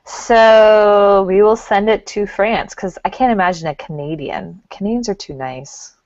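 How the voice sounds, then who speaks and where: A woman's voice: mid-range voice, a little slow, darkish tone, no room sound. A woman co-hosting a casual talk show as the psychic, chatty and giggly. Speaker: co-host, psychic. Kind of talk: casual chat. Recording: dull lo-fi sound.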